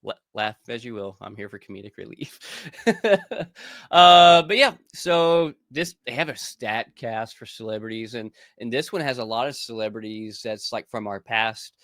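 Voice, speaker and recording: A man co-hosting a pop-culture podcast in casual chat, relaxed, laughing often and restarting his sentences. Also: medium pitch, moderate pace, no echo, clean studio sound. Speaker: podcast co-host.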